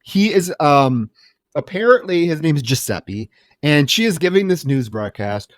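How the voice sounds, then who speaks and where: A man co-hosting a podcast, recounting a film in a casual, wry, expressive way. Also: on the high side, moderate pace, dry recording, clean studio sound. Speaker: podcast co-host. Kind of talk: casual film review chat.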